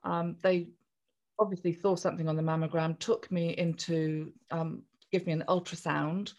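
A woman's voice: fairly low pitch, level tone, moderate pace, darkish tone, lo-fi sound. Chatty woman telling her story. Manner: chatty, jolly, acts out voices in quoted speech. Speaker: podcast guest. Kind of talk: personal storytelling in conversation.

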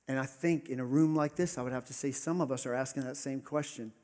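A man preaching a sermon as pastor, earnest, rising to emphatic peaks and dropping to soft asides. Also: mid-range voice, fairly even intonation, quick pace. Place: church hall with congregation. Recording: long reverb of a large hall.

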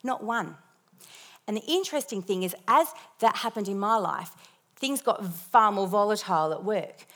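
A young woman telling a lively personal testimony with self-deprecating humor as part of a sermon. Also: mid-range voice, normal speed.

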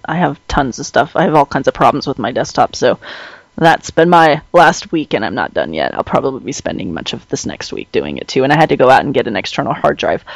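Casting note: chatty woman host, lively swooping pitch, quick to laugh, dry close sound. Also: vocal fry, no room sound. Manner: bubbly, laughs often, animated storytelling. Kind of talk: casual chat.

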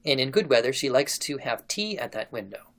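A man hosting a podcast, casually retelling a historical story to his guests with a relaxed, chatty manner and easy laughs. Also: mid-range voice, brisk, creaky. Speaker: podcast host.

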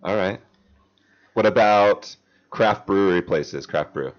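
Male podcast host, low voice, easygoing questions, dull lo-fi audio. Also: slow pace. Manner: easygoing, asks questions, laughs along. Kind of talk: casual interview chat.

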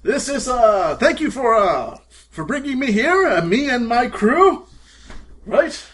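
A man's voice: very high voice, very animated, slow pace, a bit bright, a little hiss or hum. A man playing in a tabletop game with playful, boastful bravado. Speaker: player. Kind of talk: tabletop role-play.

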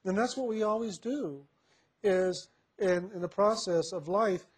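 A man with a somewhat high voice tells a personal story at an unhurried, reflective pace. He laughs softly now and then as he recounts it. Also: husky.

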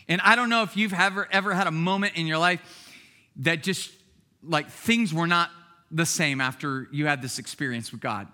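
A man with a high, bright, ringing voice preaching a sermon. He is middle-aged and talks to the congregation like a friend, then rises into excited shouts. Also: moderate pace. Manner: lively, conversational preaching with bursts of shouting. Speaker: pastor.

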